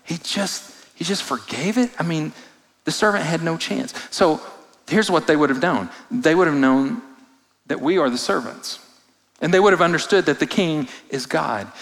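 A man preaching a sermon as pastor, expressive, moving between loud emphasis and hushed, low passages. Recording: long reverb of a large hall.

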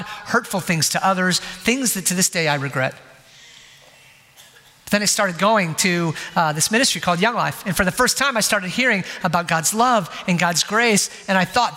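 A man in his forties with a high-pitched voice tells his sermon as a story, mocking himself along the way. His delivery is bright and forceful, and a long hall reverb trails each phrase.

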